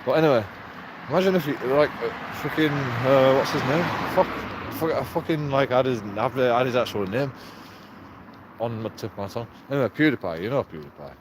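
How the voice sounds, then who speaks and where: A man's voice: mid-range voice, brisk, noisy background. A man, rambling and swearing in a casual vlog monologue with frequent chuckles. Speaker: vlogger.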